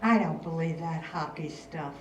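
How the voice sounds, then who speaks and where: A woman's voice: low voice, moderate pace, a little hiss or hum, natural voice. An older woman in a staged reading, playing a sardonic, rebellious rich girl writing letters. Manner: sardonic, theatrical. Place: stage in a hall. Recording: roomy, distant hall recording.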